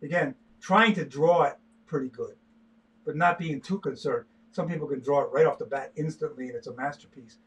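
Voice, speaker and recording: An older male artist, sketching on a livestream, chats in a voice on the high side with a breathy edge. He talks a little fast, in fits and starts, with many repeated words.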